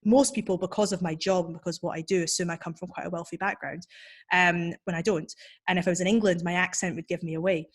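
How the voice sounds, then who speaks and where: Forthright Scottish woman, lowish voice. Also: steady tone, fast talker. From Scotland. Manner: confident, forthright. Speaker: guest author. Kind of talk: casual conversation on a video call.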